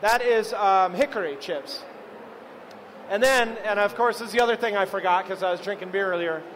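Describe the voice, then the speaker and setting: A high-pitched man talks casually through a live cooking demonstration, telling stories and asking the audience questions. Faint noise from the event fills the background. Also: brisk, a bit bright, rough recording. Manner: chatty, storytelling, addresses the audience. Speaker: chef giving a cooking demo. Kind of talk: live cooking demo with banter.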